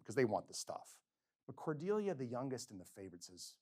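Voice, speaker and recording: A middle-aged man giving a lecture at a medium pitch. He tells stories with lively swings in volume, leaning in to act out the quotes. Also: fast. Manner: animated storyteller, acting out quotes with sudden loud and soft swings. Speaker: physician giving a grand rounds lecture. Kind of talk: lecture with storytelling. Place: lecture hall.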